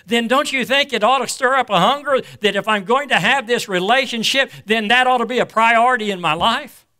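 High, bright-voiced preaching pastor. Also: male voice. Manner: preaches in swells, reading scripture slowly and emphatically; asks the congregation rhetorical questions. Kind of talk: sermon.

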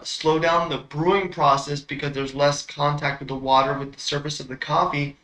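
A man's voice: on the high side, pushed and bright, reverberant, poor audio. A man hosting a casual coffee tasting demo, explaining brewing methods step by step with frequent fillers.

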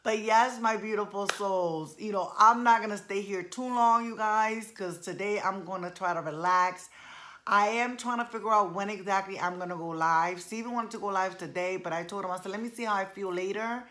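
A woman's voice: medium pitch, moderate pace, a bit bright. A woman in her forties chatting casually to her viewers, full of slang and calling them y'all. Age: 40s. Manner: colloquial, playful slang. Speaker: vlogger. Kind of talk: casual chat.

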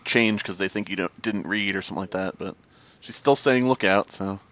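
A man's voice: sits low, brisk, a bit bright, no echo. Playful man host with a dry, close sound. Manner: playful, rambling. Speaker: gaming channel host. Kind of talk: casual voice chat while gaming.

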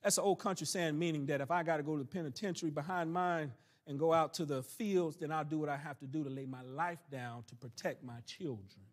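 A man leads a church Bible study in full preaching cadence, his voice sitting notably high for a man. He slows right down to lean on his key phrases and slips in homespun country asides. He comes across as a pastor teaching his congregation. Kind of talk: sermon-style Bible teaching.

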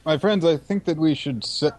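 A man's voice: fairly high pitch, moderate pace, darkish tone. A man at a tabletop game chatting casually and eagerly. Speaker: player. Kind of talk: casual chat.

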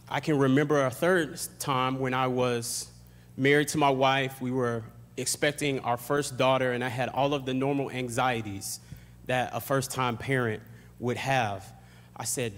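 A young pastor delivers a sermon in a church. His mid-range voice moves from hushed, slow prayer to building intensity, and the sanctuary gives it a long, ringing reverb. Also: medium pitch. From Florida. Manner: reads scripture, then prays slowly and hushed, then preaches with rising intensity.

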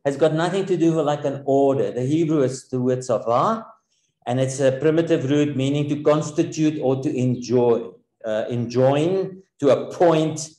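A man preaching a sermon, earnest and explanatory, with a somewhat high but mellow voice. He pauses often to search for words. The sound carries the echo of a room.

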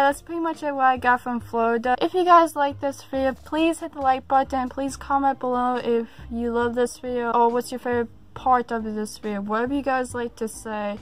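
A woman showing off her haul in a casual vlog, gushing and swearing casually, repeating words for emphasis. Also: on the high side. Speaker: vlogger.

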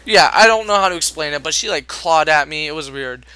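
Profane ranting young man, bright voice. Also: a little high, animated, a little fast, smooth, dry recording. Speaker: retail customer service clerk. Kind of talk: ranting storytime vlog.

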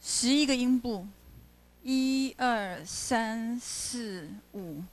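A woman university lecturer with a Taiwanese Mandarin accent, switching between Mandarin and English in class, pausing often and stressing words as she scans poetry. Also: fairly high pitch. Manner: halting, many "uh" fillers, stresses words while scanning poetry.

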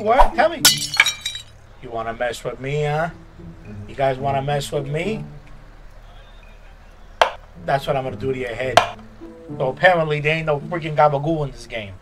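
A man's voice: fairly high pitch, lightly acted. A man voicing a brash Italian-American mobster with a New York accent, picking fights while narrating a game. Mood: rowdy. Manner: tough-guy, swaggering, quick to pick fights. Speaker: gaming YouTuber. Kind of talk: in-character comedic gameplay commentary. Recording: roomy echo with game music behind.

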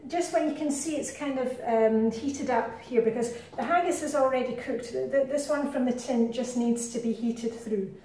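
A woman's voice: high voice, moderate pace, hardly any pauses, warm tone, slight background noise. A middle-aged woman with a Scottish accent, chatting her way through a home cooking demonstration with rambling asides. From Scotland. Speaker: cooking vlogger. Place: home kitchen. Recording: very echoey kitchen, distant mic.

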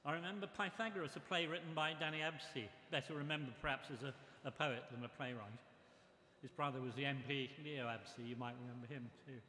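An older man giving a memorial tribute speech, reminiscing in a measured way. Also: medium pitch, sharp tone, a little hiss or hum. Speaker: memorial speaker. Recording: echoey hall with long reverb.

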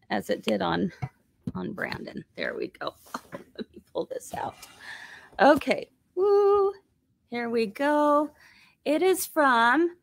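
A woman hosting a live sewing tutorial, bubbly and chatty and laughing often, her voice slightly hoarse. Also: fairly high pitch, dry recording. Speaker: quilt shop host.

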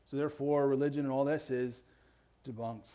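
A man of ordinary pitch preaching a sermon. He keeps asking his listeners "right?" and shifts between loud emphatic lines and quieter low ones. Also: fairly even intonation, a little fast. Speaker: pastor.

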